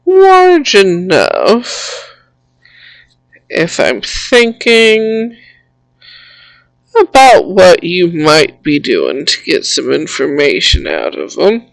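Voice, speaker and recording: A woman running a tabletop game as game master, narrating slowly with many pauses and fillers. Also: on the low side, wildly swooping pitch, vocal fry, no echo. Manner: slow, halting, many fillers.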